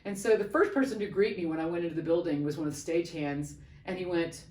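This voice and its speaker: A middle-aged woman, an opera singer, telling an animated backstage story in a casual interview and acting out the voices of the people in it. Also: fairly low pitch, quick pace. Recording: roomy, distant mic, faint background noise.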